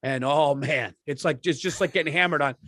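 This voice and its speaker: A middle-aged man from the United States, co-hosting a podcast and telling a story in an animated, profane way. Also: on the high side, a little fast, dry recording. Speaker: podcast co-host. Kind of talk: casual comedic storytelling. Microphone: studio microphone.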